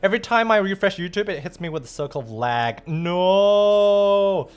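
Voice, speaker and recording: A man's voice: high-pitched, animated, moderate pace, clear, resonant tone. A man with an Australian accent streaming, chatting casually and playfully as he reads out viewer messages, rambling and swearing now and then.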